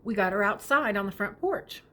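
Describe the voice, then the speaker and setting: A middle-aged woman telling a personal family story, tender and unhurried, often sinking to a whisper. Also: medium pitch, animated, fairly bright tone.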